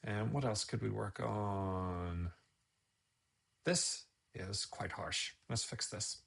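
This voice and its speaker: Gravelly, husky man talking through an edit. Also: lowish voice, takes it slowly, a bit bright. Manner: rambling, chatty, thinks aloud with restarts. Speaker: photography instructor streaming live. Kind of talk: casual live-stream tutorial.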